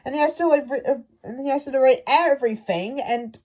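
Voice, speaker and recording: Brief: high-pitched woman, fan rant, halting delivery full of restarts. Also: darkish tone. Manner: halting, stumbling, many restarts. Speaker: fan commentator. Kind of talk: casual rant to camera.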